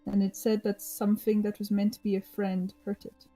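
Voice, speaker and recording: A woman's voice: mid-range voice, brisk, soft background music, rough recording. A woman playing a tabletop game, talking casually and giggling often. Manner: giggly, animated. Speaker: player.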